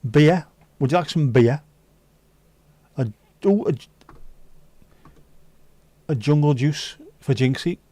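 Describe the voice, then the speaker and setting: A man's voice: a little high, slow pace, long pauses, mellow, no room sound. A man hosting a casual livestream, bantering cheekily with viewers and swearing freely. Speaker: livestream host serving virtual drinks. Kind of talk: casual chat.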